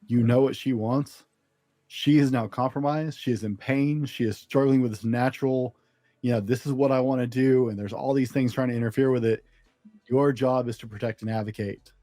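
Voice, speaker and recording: Blunt mellow-voiced podcast host man. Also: mid-range voice, steady tone, normal speed, no echo, faint music behind. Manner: blunt, forceful storytelling. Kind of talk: podcast interview.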